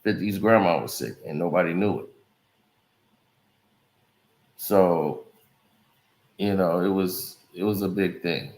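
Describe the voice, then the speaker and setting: A man's voice: low voice, moderate pace, a little mellow. A man hosting a commentary show, talking in loose, rambling street slang. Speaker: commentary channel host. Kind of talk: casual commentary. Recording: roomy echo.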